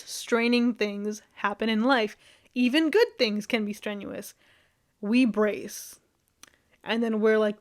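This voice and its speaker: Chatty young woman, slightly high voice. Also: slow pace. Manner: rambling, filler-heavy, laughs often, swears casually. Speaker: vlogger. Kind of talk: casual chat to camera.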